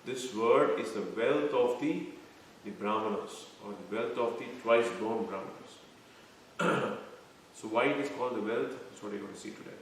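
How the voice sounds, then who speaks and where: Male scripture teacher, measured explaining style, echoey room with faint background noise. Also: on the low side. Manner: explains terms slowly, quizzes listeners. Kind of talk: devotional scripture lecture. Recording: echoey room, mic far off.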